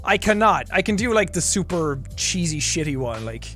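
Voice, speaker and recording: A young Irish man casually chatting on a livestream, reading viewer messages and laughing between quick remarks. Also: a little high, very animated, bright, forceful tone, faint music behind. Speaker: streamer. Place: home recording room.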